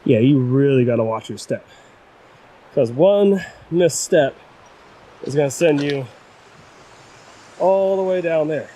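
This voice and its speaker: The wind-blown audio comes from a camera-mounted shotgun mic as a young hiking vlogger chats with viewers on a rocky trail. He's winded, self-deprecating and talkative, with a mellow, highish voice, a slow pace and frequent pauses in his casual narration.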